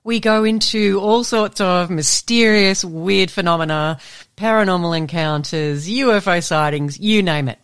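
A woman's voice: lowish voice, unhurried, clear, resonant tone. An Australian woman presenting a community radio show in a friendly, chatty way. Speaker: community radio host and guest.

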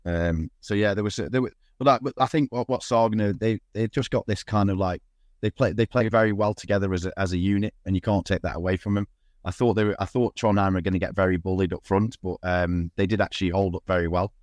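A man talks through a casual podcast chat in a lowish voice, tripping over his words and restarting often. He swears now and then. The sound is dry and close, with no room in it. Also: steady tone, fast talker, no echo. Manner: rambling, many restarts and fillers, swears. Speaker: podcast host.

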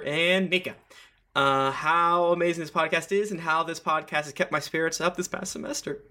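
A man's voice: on the high side, sharp tone. A man hosting a casual tabletop-game podcast, reading listener reviews aloud with playful asides.

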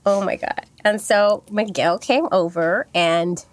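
A woman's voice: medium pitch, unhurried, no room sound. A woman telling a personal story in casual chat, candid and rambling, with many fillers and restarts.

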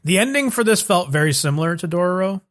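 A young man hosts a casual recap chat, his voice sitting a little above the usual male pitch. He talks loosely and swears freely, leaning on filler words as he goes. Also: lively intonation, fast talker, a bit bright. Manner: loose and profane, filler-heavy. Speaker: podcast host.

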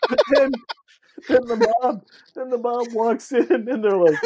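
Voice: mid-range voice, a little slow, heavy background noise. Incredulous, swearing podcast co-host. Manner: relaxed, swears casually, incredulous asides. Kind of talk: casual movie-review chat.

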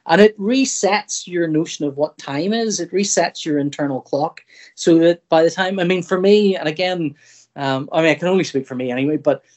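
A man's voice: fairly high pitch, normal speed, darkish tone. A middle-aged man from Northern Ireland, a comic artist guest in a casual podcast chat, who rambles, breaks off mid-sentence and acts out his own thoughts.

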